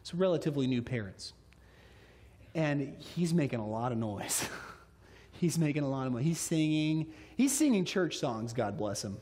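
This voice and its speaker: A middle-aged man preaching a sermon, telling stories with lively delivery and acting out little voices. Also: mid-range voice, moderate pace. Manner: animated storytelling, acts out voices. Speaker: pastor. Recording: echoey hall.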